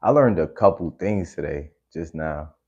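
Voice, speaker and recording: A man's voice: very deep voice, lively intonation, moderate pace, a little mellow, breathy edge. A man chatting casually on a stream while reacting to videos, laid-back and rambling, using lots of slang. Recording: slightly dull lo-fi audio.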